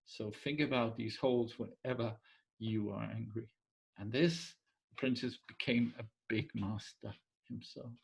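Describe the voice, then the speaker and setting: A man tells an old folk tale in an easygoing, conversational way. He pauses now and then to hunt for a word and lets some remarks trail off quietly. His voice sits at an ordinary middle pitch. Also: creaky, low-quality recording. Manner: relaxed, searching for words, drifting into quiet asides. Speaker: storyteller. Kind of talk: casual oral storytelling.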